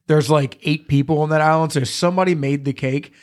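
A man's voice: a little high, steady tone, brisk. Profane, laughing man storyteller. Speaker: podcast host. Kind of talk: casual chat.

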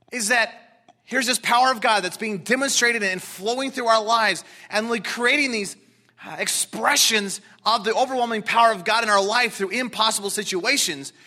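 A man preaching a sermon, explaining scripture and dropping into quiet, earnest asides. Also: extremely high pitch, moderate pace. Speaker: pastor.

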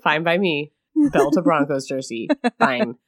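A woman's voice: sits low, expressive, unhurried, dry recording, clean studio sound. A woman co-hosting a podcast, chatting casually in a wry, exasperated way and swearing now and then. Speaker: podcast co-host. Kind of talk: casual chat.

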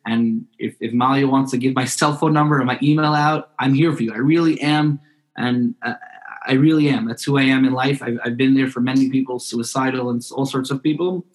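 A man's voice: medium pitch, steady tone, fairly quick. A man speaking as a podcast guest in a casual interview, earnest and heartfelt, often restarting his sentences.

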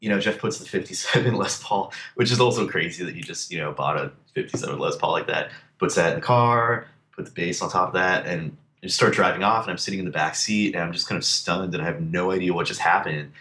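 A deep-voiced man telling a long personal story in relaxed conversation. He rambles with plenty of fillers and acts out other people's lines as he goes. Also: quick pace, few pauses. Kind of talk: casual storytelling.

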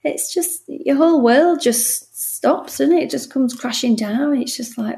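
A middle-aged woman, a bereavement midwife appearing as a podcast guest, speaks earnestly and emotionally about her work in a casual interview. Her voice is on the high side, slightly slow, creaky and a little mellow, and she often restarts and acts out conversations in quoted dialogue.

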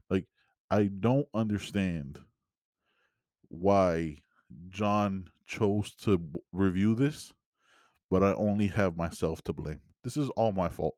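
A man's voice: low-pitched, slow, darkish tone, no echo, clean studio sound. A man hosting a podcast, giving a casual solo movie review as an exasperated, rambling rant full of restarts. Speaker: podcast host.

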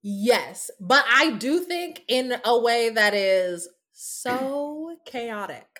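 Casual chat, woman recapping a show, animated and giggly, highish pitch. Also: extremely slow. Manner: animated, laughing storyteller.

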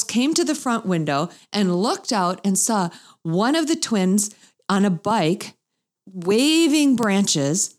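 A middle-aged woman spins a funny story about her family for an audience. She is lively and expressive, and her pitch leaps whenever she acts out someone else's lines. Her voice sits in an ordinary middle register. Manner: animated, acts out quoted voices with big pitch jumps. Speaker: mother telling a family story. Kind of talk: humorous storytelling talk to an audience.

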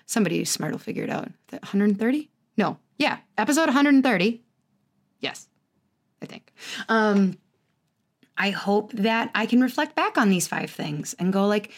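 A woman in her thirties hosting her own podcast, talking alone in a candid, self-mocking way, often jumping up in pitch. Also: expressive, a little slow. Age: 30s. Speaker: podcast host. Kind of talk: casual solo podcast monologue.

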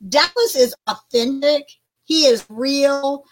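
An older woman with a high voice co-hosts a Christian talk broadcast. She talks emphatically and animatedly, often restarting her sentences. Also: slow pace. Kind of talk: casual faith talk chat.

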